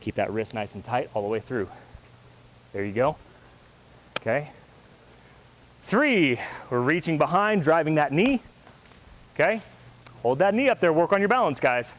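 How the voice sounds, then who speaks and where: A man teaching a martial arts class, counting moves and giving brisk coaching cues. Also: a little high, animated.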